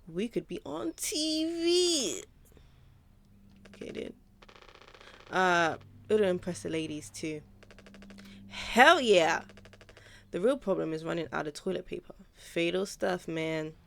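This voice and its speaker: Young woman let's-play streamer, low gravelly voice, reads game lines in playful voices. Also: slight background noise. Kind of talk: casual gameplay commentary reading dialogue aloud.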